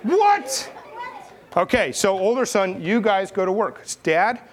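A man's voice: high-pitched, moderate pace. A man telling a Bible story to children in a playful, chatty way, directing kid volunteers. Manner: playful, chatty, coaxing kids. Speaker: pastor leading a children's message.

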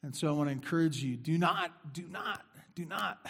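A middle-aged man preaching a sermon in a conversational way, repeating phrases for emphasis and dropping into quiet asides. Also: a little high, moderate pace, creaky. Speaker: pastor.

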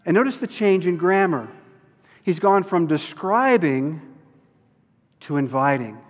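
A man preaching a sermon as a pastor, earnest and slowing down on key words. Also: on the high side, lively intonation. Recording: dull recording with long hall reverb.

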